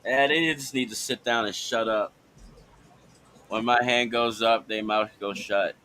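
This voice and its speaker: A man on a casual podcast livestream with a bright, forward voice at a middle pitch. He mostly chimes in with short, agreeable remarks. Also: steady tone, measured pace. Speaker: podcast co-host.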